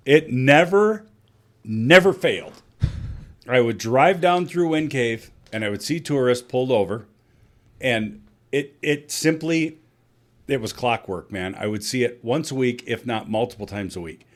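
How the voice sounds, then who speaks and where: A man's voice: medium pitch, lively intonation, unhurried. A man from South Dakota co-hosting a casual sports podcast, telling stories bluntly and swearing freely. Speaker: podcast co-host.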